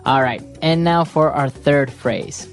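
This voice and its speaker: A woman co-hosting an English-learning podcast, guiding the lesson in casual chat and backing her partner with steady "mm-hmm"s. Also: deep voice, slow pace, soft background music. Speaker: podcast co-host and English teacher.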